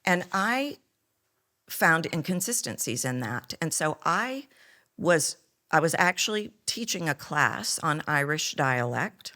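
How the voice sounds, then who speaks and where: A woman's voice: low-pitched, measured pace. A middle-aged woman with a Texan accent, a voice coach telling her story animatedly in an interview. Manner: animated storyteller, acts out quoted lines.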